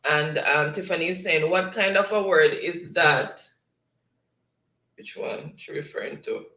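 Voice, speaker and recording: A man's voice: fairly high pitch, steady tone, measured pace, sharp tone, reverberant. A man with a Jamaican accent co-hosting a live stream, reading viewer comments aloud with frequent laughs. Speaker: live show co-host reading chat. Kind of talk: casual live-stream chat.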